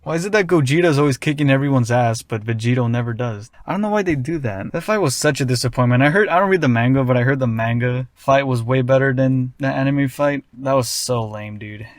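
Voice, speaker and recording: A man's voice: mid-range voice, a little fast, hardly any pauses, dry recording, studio quality. A man giving a casual, rambling opinion rant as an anime commentator, often frustrated and dismissive.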